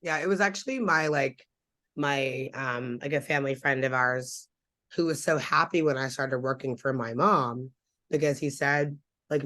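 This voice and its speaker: A woman's voice: rumbling low, moderate pace, a bit bright, no room sound. A young woman chats casually as a daughter on a panel, filling her speech with "like" and "um". The recording is dry and close. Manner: chatty, filler-heavy.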